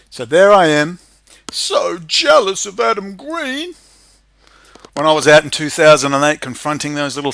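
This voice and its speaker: A man's voice: on the high side, pushed and bright, no echo. A man hosting his own online show, delivering an angry, profane, rambling monologue. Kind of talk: ranting monologue.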